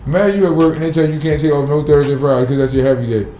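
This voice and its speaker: A man talks fast and bluntly, swearing freely, his pitch sitting a little high and his tone dark and mellow. The room echoes around him, with faint music underneath. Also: steady tone. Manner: blunt, profane, fired-up. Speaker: city sanitation worker, guest. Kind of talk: casual podcast interview.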